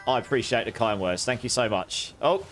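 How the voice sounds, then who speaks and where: A man's voice: on the low side, fairly quick, a bit bright, soft background music. A young man chatting casually on a game live stream, thanking viewers and exclaiming often.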